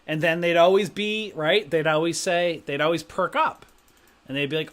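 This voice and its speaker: A middle-aged man chats casually on a livestream, and his voice sits a little high for a man. He wanders from story to story and keeps checking in with a quick "right?". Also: fairly bright tone, clean tone. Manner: rambling anecdotes with frequent "right?". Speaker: stock trading stream host.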